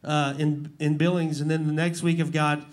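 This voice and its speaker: Rodeo clown in his forties, high voice, rambling and quick to laugh, live before an audience. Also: flat delivery. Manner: emotional, laughing, rambling storyteller. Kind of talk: casual talk-show storytelling.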